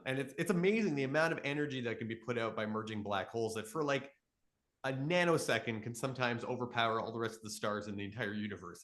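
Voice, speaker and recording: Enthusiastic man, lively expressive pitch. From Canada. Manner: enthusiastic storytelling, animated voices in quotes. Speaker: astronomy educator. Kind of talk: live Q and A explanation.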